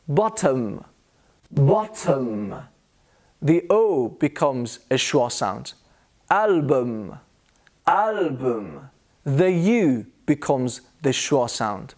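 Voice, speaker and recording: A man with a British accent leads an English pronunciation lesson, modelling each sound slowly and repeating every example word. His pitch sits a little high and swings widely as he speaks. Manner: slow, exaggerated demonstration of sounds with repeated examples. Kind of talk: scripted lesson.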